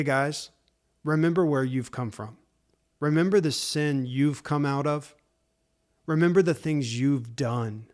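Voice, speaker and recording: A middle-aged man hosting a podcast who gives fathers faith-based encouragement. He is earnest and emphatic and talks to listeners directly as "man" and "guys". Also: medium pitch. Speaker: podcast host.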